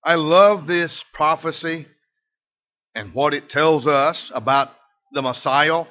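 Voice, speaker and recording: A middle-aged man with a Southern US accent preaching a sermon in a folksy way, switching between emphatic and soft delivery. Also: on the high side, slow pace. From Southern United States. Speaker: pastor. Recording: dull lo-fi sound.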